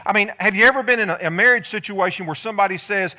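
A male pastor giving a lively sermon, asking the congregation questions and calling on people by name. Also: high voice, quick pace, few pauses. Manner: animated, calls on listeners by name, asks the room questions.

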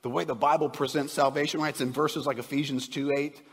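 A man preaching a sermon as a pastor, swinging between loud emphasis and hushed, near-whispered asides. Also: on the high side, little pitch movement, fast talker, husky, big-room sound.

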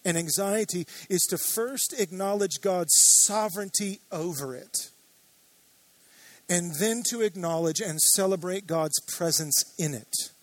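A man's voice: sits high, measured pace, dry recording. A man preaching a sermon as pastor, earnest and building to emphatic declarations.

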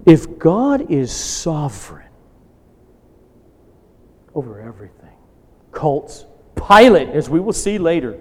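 A man preaching a sermon, asking rhetorical questions and swinging between loud emphatic bursts and hushed asides. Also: on the high side, sing-song, a little slow, pauses often. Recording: long hall reverb.

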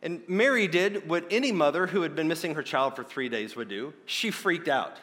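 A man preaching a sermon, earnest and emphatic, slowing down to stress key points. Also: a little high, animated, fairly bright tone. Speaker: pastor. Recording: long hall reverb.

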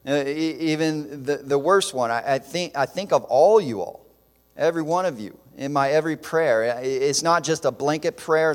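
A man preaching a sermon in an earnest, emphatic way, with fillers and restarts. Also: medium pitch. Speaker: pastor. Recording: long hall reverb.

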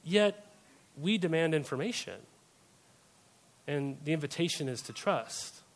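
A young man delivers a church sermon in a conversational way, checking in with his listeners through rhetorical questions. His voice sits on the higher side for a man. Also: animated, a little slow. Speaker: pastor. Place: church service.

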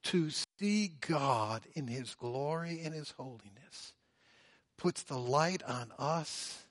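Guy preaching slow and deliberate, gets loud then drops real quiet, dry close sound. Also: animated, no echo. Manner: dynamic preaching, swinging from loud emphasis to hushed low phrases. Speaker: pastor. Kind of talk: sermon.

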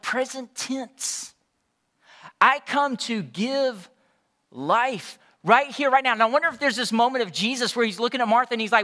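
A man's voice: very high voice, lively intonation, moderate pace, sharp tone. A man preaching a passionate sermon, retelling scripture dialogue with rising intensity. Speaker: pastor. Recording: large hall reverb.

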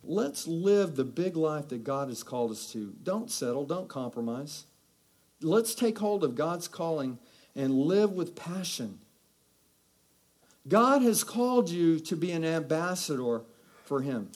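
A man from Texas preaching with a fairly high voice. He exhorts his listeners with repeated rhetorical questions and rising, animated calls. The delivery sways between quiet storytelling and fired-up appeals. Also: unhurried. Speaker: pastor. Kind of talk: sermon.

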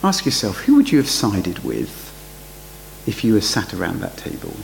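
A man preaching a sermon, his voice lively and full of rhetorical questions. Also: lowish voice, moderate pace, vocal fry, slight background noise, poor audio.

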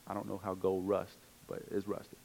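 A man's voice: low-pitched, monotone, a little fast, creaky, a little mellow, slight background noise, rough recording. Conversational man preaching a sermon. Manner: earnest, conversational preaching with asides. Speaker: pastor.

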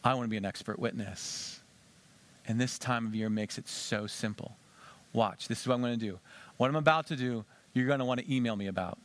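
A male pastor giving an animated sermon, acting out conversations with a volunteer on stage. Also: medium pitch, fairly quick.

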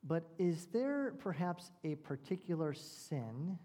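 A man preaching as a pastor, telling a story and asking slow, searching rhetorical questions. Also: fairly high pitch, very animated, mellow. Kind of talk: sermon. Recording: long reverb of a large hall.

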